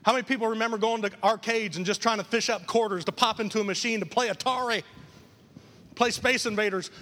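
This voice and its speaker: A man preaching a lively sermon as pastor, acting out quoted voices and repeating key lines for emphasis. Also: high-pitched, fast talker, in a large hall. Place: church.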